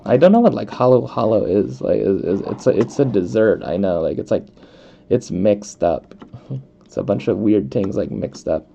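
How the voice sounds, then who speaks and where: A young American man chats loosely while gaming, rambling and laughing between thoughts. His voice is low-toned, gravelly and mellow, caught on a dull, lo-fi microphone with a faint hiss underneath. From United States. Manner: rambling, laughs often, many fillers. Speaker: let's play host. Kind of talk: casual chat while gaming.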